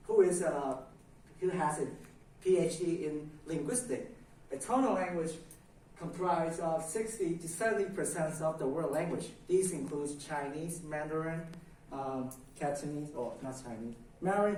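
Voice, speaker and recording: A man's voice: a little high, darkish tone, heavy reverb. Young man, classroom presentation, hesitant with fillers, far from the mic, faint room noise. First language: Vietnamese. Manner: hesitant, with many fillers, calls out tones for the class to repeat. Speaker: student presenter.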